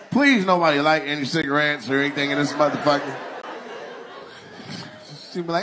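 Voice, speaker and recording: A man doing live stand-up crowd work, loud, profane and teasing, laughing often. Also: a little high, fairly quick, pauses often. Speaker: stand-up comedian. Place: comedy club stage. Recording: live comedy club with crowd noise.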